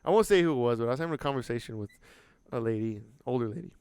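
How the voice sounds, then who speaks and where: Man, podcast co-host, casual storytelling, animated, swears a lot, smooth clear voice, dry close sound. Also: medium pitch, racing, no echo. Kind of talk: casual chat.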